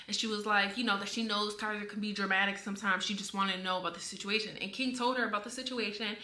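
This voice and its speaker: A woman's voice: on the high side, bright, forceful tone. A young woman explaining her side as a stepmother, sounding hurt and defensive, her speech full of "like". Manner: hurt and defensive, many "like" fillers. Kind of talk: personal explanation video. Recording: echoey room.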